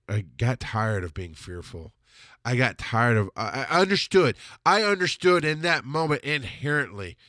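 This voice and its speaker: A man's voice: no echo, studio quality. Raw, profane man telling a confessional story. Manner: emotional, profane, swings from loud outbursts to quiet lows. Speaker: podcast host telling personal stories.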